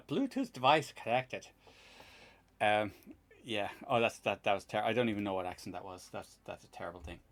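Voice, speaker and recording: Gravelly man chatting while he tinkers. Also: on the low side, steady tone, fairly quick. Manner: rambling, laughs often, swears casually. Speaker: live-stream host. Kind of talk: casual live-stream chat while tinkering.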